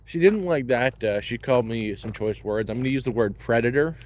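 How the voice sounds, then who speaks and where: A man's voice: mid-range voice, brisk, a little mellow, slight background noise. A man in his thirties telling a personal story in a blunt, wry, casual way. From Canada. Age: 30s.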